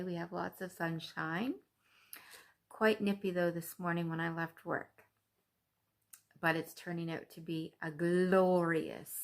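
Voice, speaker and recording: Speaking in a lowish, fairly bright voice with vocal fry, a Canadian woman who makes cross-stitch videos chats upbeatly to her audience about her stitching. Her talk is casual and sprinkled with frequent ums.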